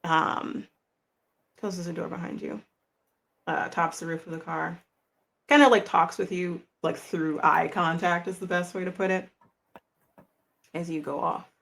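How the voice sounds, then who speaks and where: A woman's voice: lowish voice, steady tone, unhurried, creaky, long pauses, fairly bright tone. A woman narrating a tabletop game as game master, casual and chatty.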